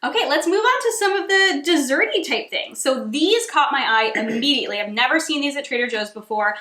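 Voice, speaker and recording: Bubbly Rhode Island woman, high voice. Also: expressive, a little fast, pushed and bright. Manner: bubbly, giggly, gushing. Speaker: cooking channel host. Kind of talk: casual taste-test chat. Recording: echoey room.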